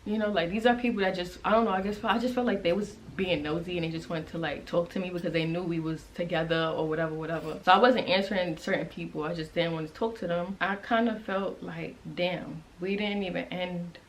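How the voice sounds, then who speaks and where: A young woman telling a personal story to her viewers in a casual, emotional way, halting with many restarts. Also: lowish voice, steady tone, a little hiss or hum, poor audio. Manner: conversational and direct to viewers. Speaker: vlogger.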